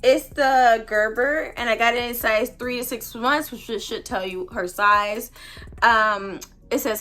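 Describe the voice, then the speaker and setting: A young woman with a high voice chats casually through an unboxing vlog. She talks at an unhurried pace and gushes, repeating her excited exclamations. Her tone stays easy and homemade. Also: low-quality recording. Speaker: doll collector vlogger.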